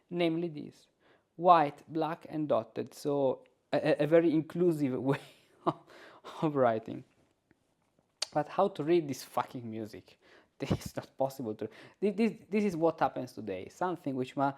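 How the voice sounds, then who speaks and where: A man with a slightly high voice teaches music composition in an informal lesson, thinking out loud. He sings rhythms and note syllables aloud to demonstrate his points.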